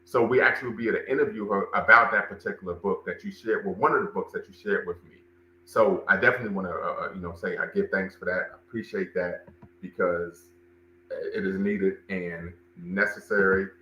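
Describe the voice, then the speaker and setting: Man, livestream host, deep voice, emphatic and repetitive, echoey room with a faint hum. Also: steady tone, a little fast, pushed and bright, dull audio. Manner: emphatic, repeats phrases for stress. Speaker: livestream show host and cultural center director. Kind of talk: livestream commentary and audience chat.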